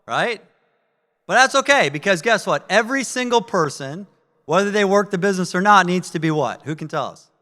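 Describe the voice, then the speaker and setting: A man giving a live sales training talk, energetic and asking the audience questions. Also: high voice, fairly quick, in a large hall. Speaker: network marketing trainer. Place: training event room with audience.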